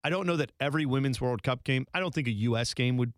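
A man co-hosts a podcast in relaxed casual chat, with a few wry asides. His voice is mid-pitched and sounds dry and close to the mic. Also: fast, dry recording. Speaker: podcast co-host.

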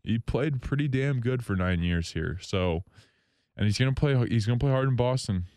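Excitable man hosting hockey talk. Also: medium pitch, moderate pace, no echo, studio quality. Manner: excitable, rambling, jokingly bitter. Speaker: hockey podcast host. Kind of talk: solo sports talk show. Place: radio station studio.

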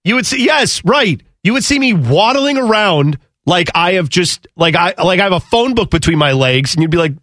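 A high-voiced man co-hosting a sports radio talk show, bantering playfully and bursting into squeaky put-on voices. His pitch leaps around constantly, and the studio sound is dry and close. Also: normal speed, hardly any pauses, no room sound. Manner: animated, jumps into squealing high voices for bits. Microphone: studio microphone.

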